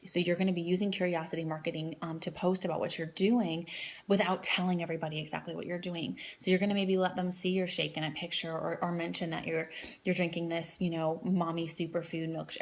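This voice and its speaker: A woman in her thirties giving a casual training talk to new coaches, rambling with lots of fillers and restarts. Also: fairly low pitch.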